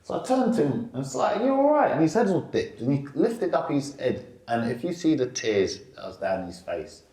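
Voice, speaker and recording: A middle-aged male stand-up comedian, telling animated stories in a casual interview. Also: normal speed, roomy sound. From England. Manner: animated, lively storyteller who jumps up in pitch for quotes.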